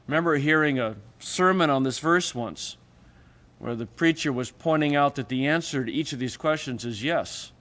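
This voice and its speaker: A man's voice: normal speed, a bit bright. A man teaching Greek grammar in a lecture, explaining patiently and voicing the example questions he quotes. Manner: explanatory, acts out quoted questions with raised pitch. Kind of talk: recorded classroom lecture.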